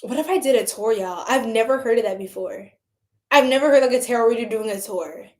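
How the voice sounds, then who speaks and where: Woman tarot reader chatting w her live chat, lilt, laughy, cusses a lot, kinda high voice. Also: fast talker, darkish tone. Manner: chatty, swears, laughs often, talks to chat. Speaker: tarot reader livestream host. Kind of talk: casual livestream chat with viewers.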